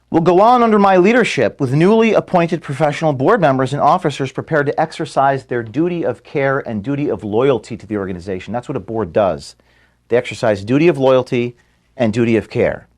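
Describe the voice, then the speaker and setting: Earnest man in an office. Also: mid-range voice. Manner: earnest and measured, dropping quiet and halting when moved. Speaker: organization founder addressing staff. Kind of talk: emotional farewell statement. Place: office room at headquarters.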